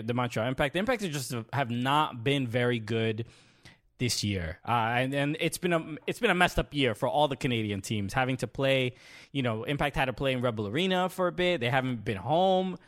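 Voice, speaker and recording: A man hosting a sports podcast, recapping games in a casual, halting way with many restarts. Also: mid-range voice, animated, fairly bright tone. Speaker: podcast host.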